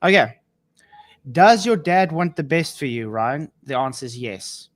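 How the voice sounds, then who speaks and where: A man's voice: fairly high pitch, animated, a little slow, no room sound. A man on a live panel, patiently and insistently laying out an argument and repeating himself to hold the floor. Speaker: panel guest.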